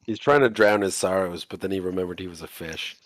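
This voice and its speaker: A man's voice: low-pitched, fairly quick, no echo, studio quality. A man playing in a tabletop game, tossing in crude jokey asides. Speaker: player. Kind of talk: casual tabletop game chat.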